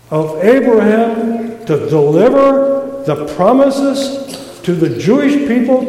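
Slow, fired-up preacher guy, kinda high voice, lots of hall echo. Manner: impassioned, repeats words for emphasis, swings from loud to hushed. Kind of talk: sermon with Q&A. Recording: echoey hall.

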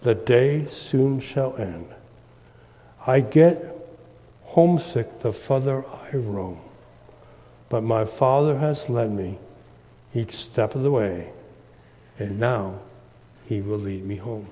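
A man delivers a sermon at an unhurried, deliberate pace, his voice dark and mellow. The sound carries a long reverb, as if he is in a large church hall. He leans into emphasis and swells into sung refrains. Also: mid-range voice. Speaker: preacher.

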